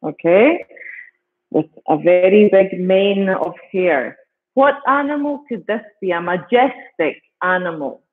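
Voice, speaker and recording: British man, storytelling to children, high-pitched, slow, patient, checks "okay?", tinny phone-like call audio. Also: expressive. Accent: British English. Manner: patient, repeats words and keeps checking with "okay?". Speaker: English teacher and storyteller.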